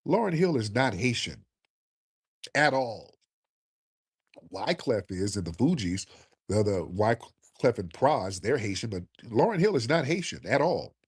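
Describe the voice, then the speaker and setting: Man with a husky, lively voice, indignant commentary, lots of rhetorical questions. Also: medium pitch. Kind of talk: online commentary clip.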